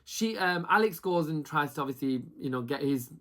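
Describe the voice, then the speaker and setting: A reality TV reviewer chatting casually with plenty of gossip and attitude. The delivery is animated, and it regularly breaks into high mimicked voices when quoting the contestants. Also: brisk. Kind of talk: casual commentary with mimicked quotes.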